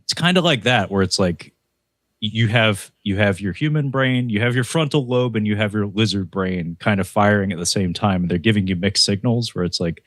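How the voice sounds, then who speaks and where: Deep-voiced American man in a dry room. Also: a little fast, dry recording. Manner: rambling, animated, with frequent restarts and laughter. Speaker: film review co-host. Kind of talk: casual film review chat.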